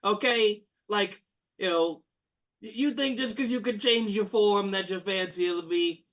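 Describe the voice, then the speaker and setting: A man's voice: high voice, measured pace, a bit bright, pitched above the performer's own voice. A man voicing a brash, pushy male water fey tavern keeper with a Long Island accent. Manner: pushy, rambling, interrupts others.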